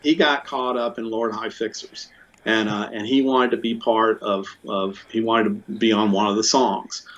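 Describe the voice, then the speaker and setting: A man being interviewed, telling a long story in a casual, rambling way with many restarts, fillers and bursts of excitement. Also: fairly low pitch, moderate pace. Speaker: interview guest, musician. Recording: muffled lo-fi audio.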